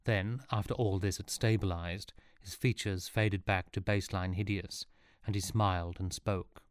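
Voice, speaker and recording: An audiobook narrator with a low voice reads a comic adventure, bringing dry, wry timing to it. His tone is steady and clean at a moderate pace, and the recording is close and completely dry with no room sound.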